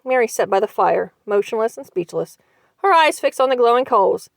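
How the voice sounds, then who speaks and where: A woman narrating a short story aloud for a library series, with a measured, expressive reading style. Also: a little high, creaky, dry recording.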